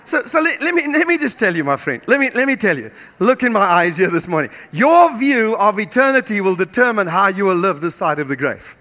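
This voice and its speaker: High-voiced fifty-something pastor preaching. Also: male voice, very animated, fairly quick, hardly any pauses, pushed and bright. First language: Dutch. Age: 50s. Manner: emphatic, repeating phrases, joking with the congregation. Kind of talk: sermon.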